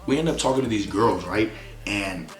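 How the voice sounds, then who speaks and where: A man's voice: lowish voice, expressive, normal speed. A young man casually retelling a story in slangy, profane language, acting out the quotes as he goes. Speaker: storytelling vlogger. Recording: roomy echo, faint music behind.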